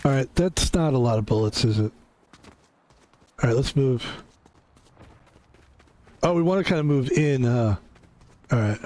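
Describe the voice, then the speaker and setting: Hoarse male streamer talking quietly. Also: expressive, measured pace, pauses often. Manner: rambling, talks quietly in a low hushed voice. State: hoarse, recovering voice. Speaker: game streamer. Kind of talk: casual gameplay commentary.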